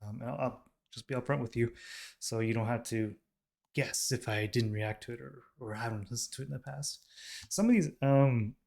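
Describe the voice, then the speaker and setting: A gravelly, somewhat mellow medium-pitched voice at a moderate pace belongs to an American man who hosts a K-pop reaction channel. His casual talk to camera rambles, peppered with ums, restarts, and self-corrections.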